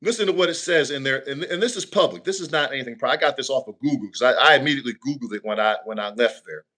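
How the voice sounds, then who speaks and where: A man, a minister, telling a personal story on a talk show in a lively, preacherly way. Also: quick pace. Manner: animated, preacherly, shifting pitch for emphasis.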